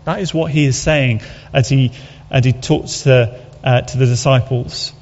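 A man's voice: medium pitch, steady tone, measured pace, a little mellow. A man preaching a sermon, earnest and conversational, asking his listeners rhetorical questions. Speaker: pastor. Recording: dull audio with long hall reverb.

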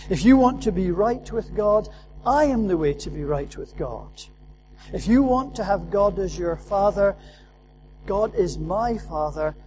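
A man's voice: sits high, darkish tone, slight background noise, rough recording. A man preaching a sermon, earnest and emphatic, repeating his key phrases for weight.

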